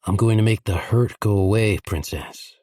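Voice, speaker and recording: A man voicing a cocky, crude, smooth-talking crime boss with a low seductive drawl, in audiobook dialogue. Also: lively intonation, normal speed, dark tone, dry recording, studio quality. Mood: soft, seductive. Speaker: audiobook voice actor.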